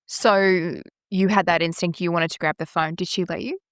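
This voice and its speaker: Woman podcast host, measured and probing, lowish voice, dry studio sound. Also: fairly even intonation, clean tone, no room sound. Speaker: interviewer. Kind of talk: podcast interview questions.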